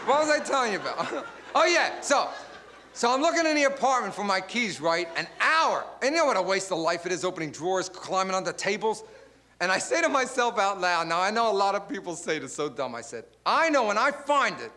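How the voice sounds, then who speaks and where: A man doing a stand-up comedy routine on a live television stage, acting out bits in loud put-on voices. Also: sits high, sing-song, a little fast. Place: live television stage before a studio audience. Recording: noisy live broadcast with crowd laughter. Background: audience laughter.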